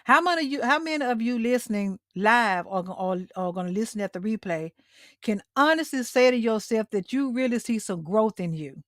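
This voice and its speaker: A woman's voice: a little high, lively intonation, fairly quick, fairly bright tone, dry recording, studio quality. A middle-aged woman hosting a motivational livestream talk, speaking directly to her listeners and repeating her key lines for emphasis. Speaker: host.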